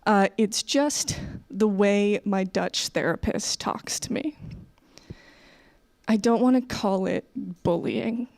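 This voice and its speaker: An American woman performs live stand-up comedy on stage at an average pitch. She talks in a chatty, conversational way and peppers her lines with "like" and "okay". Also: slow pace, darkish tone. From United States. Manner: chatty, with many "like" and "okay" asides.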